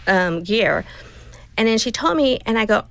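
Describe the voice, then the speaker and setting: A woman's voice: on the high side, expressive, moderate pace, creaky, poor audio. A woman in her fifties tells a personal story to an interviewer, speaking emotionally and acting out what others said in quotes. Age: 50s. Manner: emotional, retelling dialogue in quotes. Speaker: guest.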